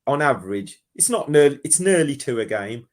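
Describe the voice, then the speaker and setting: A man calling in to a football phone-in, talking in an animated, rambling way and often restarting his sentences. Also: medium pitch, a little fast. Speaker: caller. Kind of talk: casual football phone-in chat.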